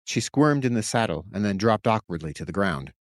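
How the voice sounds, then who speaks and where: A man reading his own story aloud in steady, measured audiobook narration. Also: on the low side, no echo, studio quality. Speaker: author and narrator.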